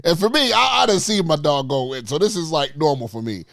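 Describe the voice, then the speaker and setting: A man's voice: fairly high pitch, animated, fairly quick, creaky, fairly bright tone, no echo, clean studio sound. A man co-hosting a podcast, talking casually in laid-back slang and telling family stories, sometimes hesitating as he starts. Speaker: podcast co-host.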